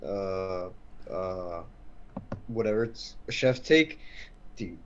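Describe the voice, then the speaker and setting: A man's voice: low-pitched, extremely slow. A young man around nineteen co-hosting a casual podcast chat, laid-back and jokey. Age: young adult. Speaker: co-host. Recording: dull lo-fi sound.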